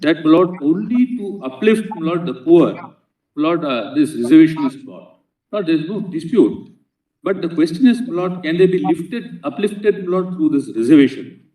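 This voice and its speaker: Indian-accented advocate, roomy courtroom echo. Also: male voice, fairly high pitch, expressive, a little slow, mellow. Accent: Indian English. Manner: earnest, inserts "Lord" before nearly every phrase. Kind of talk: courtroom legal argument. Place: large courtroom. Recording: echoey courtroom, distant mic.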